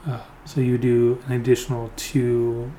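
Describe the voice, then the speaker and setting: A man's voice: mid-range voice, monotone, a little slow, dark tone, slight background noise. A man narrating as game master of a tabletop game, hesitant, with many fillers and restarts.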